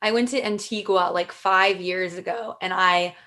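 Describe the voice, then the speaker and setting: A woman with a bright voice hosts a podcast interview. She chats casually and sounds eager and encouraging, with many fillers. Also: medium pitch, fairly even intonation, moderate pace. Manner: enthusiastic, affirming, lots of fillers. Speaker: podcast host.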